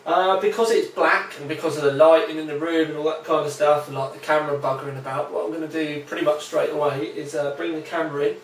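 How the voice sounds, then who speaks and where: Male tech host, chatty, slightly high voice, casual review in an indoor room. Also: fairly even intonation, quick pace, few pauses, slight background noise. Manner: chatty, informal, talks while handling the case. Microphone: handheld camera.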